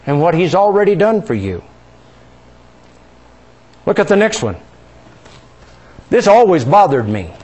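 Male pastor, sermon, animated and high, quizzes the congregation. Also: breathy edge. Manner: asks the congregation questions, leads them in reciting.

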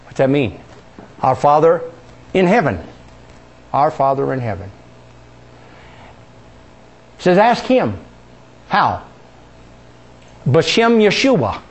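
A male preacher giving a sermon, questioning the congregation and drawing answers, dropping soft and low on key words. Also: sing-song, slow pace, pauses often.

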